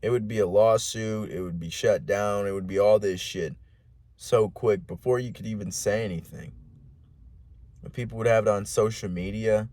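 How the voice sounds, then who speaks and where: A man's voice: lowish voice, fairly even intonation, normal speed, darkish tone. A man hosting a podcast alone, rambling in a casual monologue with heavy swearing, lots of "like" and restarts. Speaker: podcast host.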